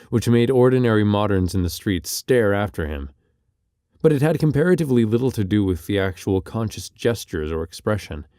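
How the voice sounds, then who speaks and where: A man narrating an audiobook in a measured, expressive literary reading style. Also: on the low side, dry recording, clean studio sound.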